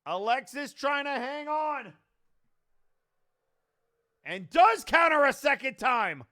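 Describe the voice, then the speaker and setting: A man doing play-by-play wrestling commentary, getting worked up and yelling at the referee. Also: very high-pitched, slow. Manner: excitable, yelling at big moments, complains at the referee.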